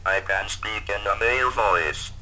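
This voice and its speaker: A man's voice: fairly low pitch, a little slow, sharp tone, a little hiss or hum, low-quality recording. A vintage speech synthesizer speaking in a male voice. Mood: flat synthetic. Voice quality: robotic, synthetic.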